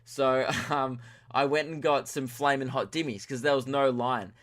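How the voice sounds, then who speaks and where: A man's voice: medium pitch, steady tone, normal speed, fairly bright tone. An Australian man hosting a podcast, telling a rambling comic story with chuckles and self-mocking asides. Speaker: podcast host. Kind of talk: comedic storytelling monologue.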